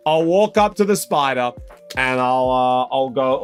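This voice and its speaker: A young Australian man hosting a casual live stream, chatty and excitable, calling viewers mate and bro and breaking into loud, high exclamations. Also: unhurried, faint music behind. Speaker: live stream host opening trading card packs.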